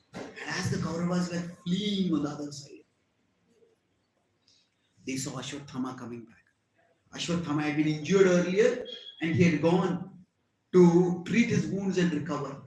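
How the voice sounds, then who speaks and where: A man with an Indian English accent tells an epic tale as a devotional lecture, raising and dropping his voice to act out the characters. His voice sits fairly high for a man. He is recorded in an echoey hall with faint noise behind him. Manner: dramatic, acts out characters' cries with swings in pitch and loudness. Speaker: spiritual teacher.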